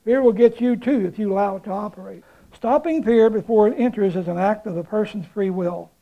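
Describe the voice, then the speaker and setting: A man's voice: sits high, vocal fry, warm tone, poor audio. A man preaching a sermon, retelling a story in a folksy, conversational way with chuckles and emphatic repetition.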